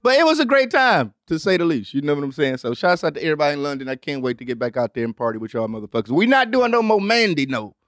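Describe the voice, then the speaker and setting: A young adult man hosting a show, telling a rambling, profane story in an animated way and acting out other people with big jumps in pitch. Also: quick pace, few pauses, no echo, studio quality. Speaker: host. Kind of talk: storytelling monologue.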